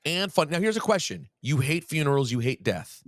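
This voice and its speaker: A man's voice: a little high, brisk, no echo, clean studio sound. A man co-hosting a podcast in casual chat, teasing his co-host and plugging the show. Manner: lively, teasing, plugs the show.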